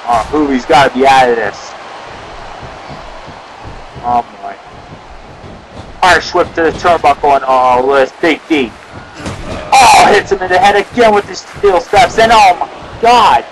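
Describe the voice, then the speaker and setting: A young man giving excitable amateur play-by-play commentary on a wrestling match, often shouting exclamations. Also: on the high side, unhurried, long pauses. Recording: noisy amateur video with crowd.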